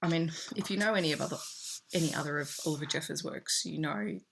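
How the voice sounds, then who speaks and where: A young Australian woman with a notably low voice chats enthusiastically about books she teaches with. She holds up pages as she goes. Faint noise sits under the recording. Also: fast talker, gravelly, a bit bright. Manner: chatty, enthusiastic, shows pages to camera. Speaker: teacher and book vlogger. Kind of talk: casual book haul chat.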